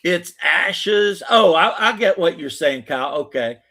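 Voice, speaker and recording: Animated American man chatting casually. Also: on the high side, a little slow. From United States. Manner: animated storytelling, swearing. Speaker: podcast host. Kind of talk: casual chat.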